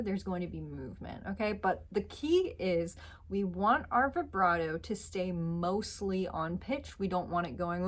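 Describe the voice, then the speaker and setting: A woman teaching a singing lesson, patiently explaining pitch and demonstrating notes with her voice. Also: a bit bright. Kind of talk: vocal lesson.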